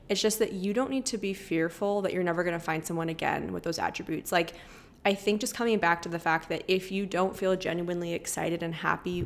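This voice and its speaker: A young woman hosting a podcast, sharing personal advice in an earnest, chatty monologue. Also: on the low side. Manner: earnest, emphatic, chatty with many fillers. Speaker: podcast host.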